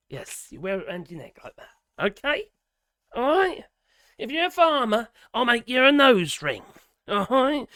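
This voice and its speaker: A British man with a raspy voice, talking in a sarcastic, exasperated rant and swearing freely. His pitch swoops up and down as he talks. The sound is dry and close, with no room echo. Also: sharp tone. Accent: British English. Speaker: political commentator. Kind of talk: casual ranting commentary.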